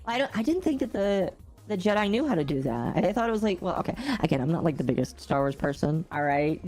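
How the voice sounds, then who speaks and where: A woman's voice: fairly low pitch, sing-song, fast talker, a little mellow, soft background music. A woman streamer chatting casually with her viewers, rambling and often correcting herself. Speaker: gaming streamer. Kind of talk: casual livestream chat.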